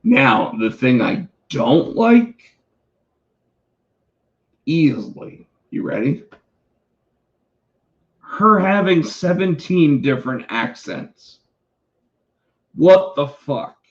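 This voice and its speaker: Man, co-host, casual wrestling talk, rambling, hoarse, dull recording. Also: a little high, animated, drawn-out words, pauses often. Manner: rambling, many restarts and fillers. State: losing his voice. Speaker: podcast co-host.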